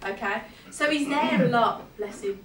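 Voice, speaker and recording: A woman's voice: on the high side, a little slow, background noise. A woman giving a medium's reading to a live audience, chatty and laughing often, checking in with her listener as she goes. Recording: echoey hall from far off.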